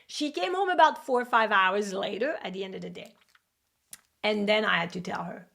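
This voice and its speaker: Animated storytelling woman with gravelly voice. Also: mid-range voice, normal speed. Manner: animated, acts out quoted voices. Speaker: acupuncture educator. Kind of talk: personal storytelling in a lesson video.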